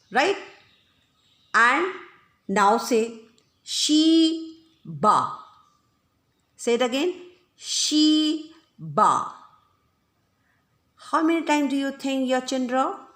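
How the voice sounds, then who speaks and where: Slow, lively-pitched woman teacher, echoey. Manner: slow and deliberate, repeating points and checking understanding. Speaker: English teacher. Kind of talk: grammar lesson. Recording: echoey room.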